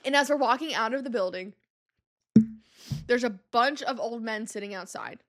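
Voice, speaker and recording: A young adult woman hosting a podcast, telling casual stories in an animated, exasperated way with lots of "like" and "um". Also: fairly high pitch, normal speed. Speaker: podcast host. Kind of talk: casual storytelling monologue.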